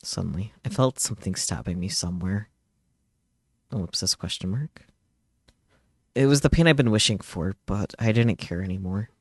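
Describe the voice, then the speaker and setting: A man's voice: low voice, moderate pace, long pauses, no room sound. A man streamer reading a visual novel aloud in a dramatic, brooding narration.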